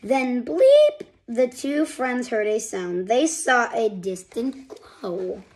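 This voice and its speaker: A woman's voice: on the high side, animated, slow. A woman reading a picture book aloud expressively, sometimes stumbling and restarting a phrase. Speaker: storybook reader.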